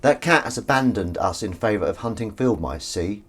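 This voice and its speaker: A man hosting a chatty livestream from his kitchen as he washes up. His voice is deep, and its pitch jumps around animatedly as he rambles through viewer comments. Faint clicks sit behind him. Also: expressive, moderate pace, hardly any pauses, slight background noise. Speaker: livestream host. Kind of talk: casual livestream chat. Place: home kitchen while washing up.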